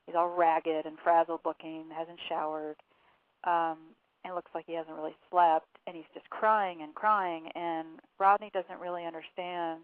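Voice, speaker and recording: A woman's voice: fairly low pitch, level tone, unhurried, no room sound. A woman author recounting events in a phone interview, with fillers and quoted dialogue. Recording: tinny phone line.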